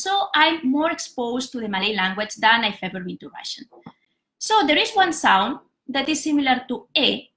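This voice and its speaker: A woman's voice: on the high side, sharp tone. A young woman from Catalonia, giving a live pronunciation lesson and explaining patiently, step by step with examples. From Catalonia, Spain. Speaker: Spanish teacher.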